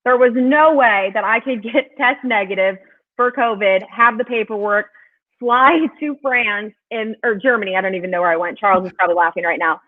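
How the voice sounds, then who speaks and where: A woman's voice: medium pitch, a little fast. A woman from Wisconsin, a guest, telling travel stories in a chatty way and laughing often. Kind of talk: casual chat. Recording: tinny phone-like call audio.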